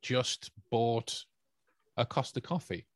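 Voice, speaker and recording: A man's voice: medium pitch, expressive, slow pace, no room sound. Chatty man, dry close sound. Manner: chatty, rambling, with frequent restarts and laughs. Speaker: podcast co-host. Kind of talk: casual podcast chat.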